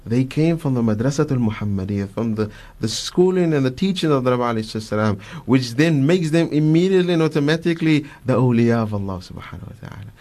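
A man with a South African accent speaks as a studio guest on a radio talk show. He retells religious stories with animation, acting out voices and shouted lines, and fills his pauses with hesitations. His pitch sits mid-range for a man. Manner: animated storyteller, acts out quotes, frequent fillers. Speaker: guest Islamic scholar.

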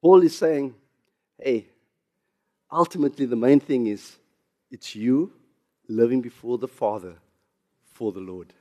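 A South African pastor preaching a sermon, getting louder and higher on emphasis, with chuckles and asides. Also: male voice, unhurried, long pauses.

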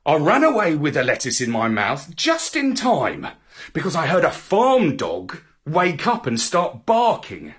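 A man reading a children's story aloud in the first person, with an expressive, swooping storybook delivery. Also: a little high, measured pace, husky.

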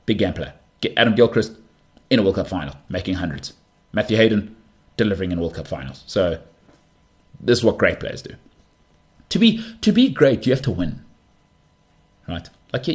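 A South African man talks in a casual monologue as the host of his own show. He is animated and full of banter, often stumbling and restarting. His voice sits a little low. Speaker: podcast host.

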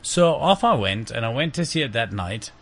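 Man, podcast guest, casual storytelling, tense bright voice, laughs a lot. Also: medium pitch, moderate pace. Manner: laughing, swearing, lively anecdotes.

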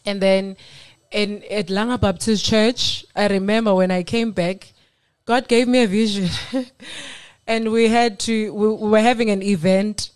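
A woman from South Africa telling her faith testimony on a radio talk show, earnest and animated. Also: mid-range voice, a little slow, clear, resonant tone. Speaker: guest sharing testimony.

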